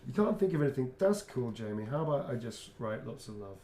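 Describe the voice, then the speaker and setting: A man chatting casually while he signs autographs on a livestream. He teases playfully, swears freely, chuckles often and drops to a quiet mutter while he draws. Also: medium pitch, sing-song, fast talker, slight background noise. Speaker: actor signing autographs on a livestream. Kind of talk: casual chat while signing.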